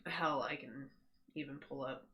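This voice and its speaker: A woman appearing as a guest on a live stream, explaining things in relaxed, casual chat. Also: rumbling low, unhurried.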